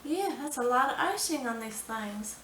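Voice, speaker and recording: A woman, chatty and unhurried, leading a casual home cooking tutorial in her kitchen. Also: fairly high pitch, animated, distant mic, background noise. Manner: chatty, unhurried, says "y'all". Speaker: home cooking show host. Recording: echoey kitchen, mic set back.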